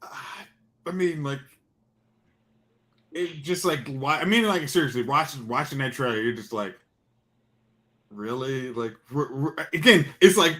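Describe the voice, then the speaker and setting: A man co-hosting a casual movie chat, talking in halting runs full of fillers. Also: medium pitch, animated, a bit bright. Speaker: podcast co-host.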